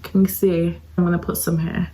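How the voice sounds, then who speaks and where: This woman does a makeup tutorial as a beauty vlogger, talking straight to her audience in a chatty, self-deprecating way. Her warm, lowish voice moves little in pitch and keeps a normal speed. The recording quality is low.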